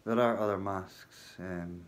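A man talking casually to his viewers from his hotel workplace at night, halting and full of ums, with a wry sense of humour. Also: low-pitched, fairly even intonation, slight background noise. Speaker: vlogger. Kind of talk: casual spoken vlog.

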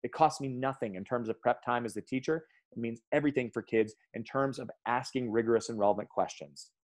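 A man speaking to teachers in a training talk, an emphatic and energetic storyteller who calls his audience "guys". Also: mid-range voice, fairly quick. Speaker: education speaker.

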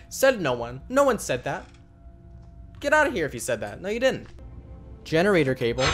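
Male gaming host, higher voice, very animated, jokey let's-play commentary with loud outbursts, game music underneath. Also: moderate pace. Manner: jokey, talks to the game, bursts into loud yells.

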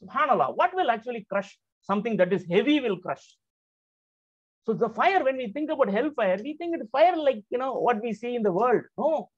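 A man's voice: extremely high pitch, big pitch swings, fairly quick, slightly rough, no room sound. A man giving a religious lecture as a Quran teacher. He explains step by step, often checking in with "right?" and "okay?", and leans hard on the serious points. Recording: slightly dull, dry lo-fi recording.

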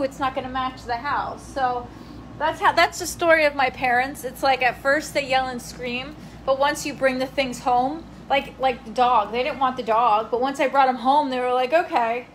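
Chatty young woman, slightly high voice. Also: a little hiss or hum. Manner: rambling, chatty, scattered. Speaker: vlogger live-streaming. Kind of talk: casual live-stream chat reading comments. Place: family home at night.

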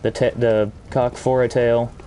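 A man's voice: mid-range voice, flat delivery, unhurried, mellow, a little hiss or hum. A man giving crude, joking commentary while playing a video game, breaking into mock-outraged rants. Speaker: gaming channel host. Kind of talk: gameplay commentary.

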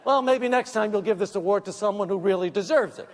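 A man's voice: high voice, fast talker, very noisy. A man giving a comic roast speech at an awards tribute, whiny and mock-apologetic, kvetching on stage. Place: large theater at an awards event. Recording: reverberant theater hall with audience. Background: audience laughter.

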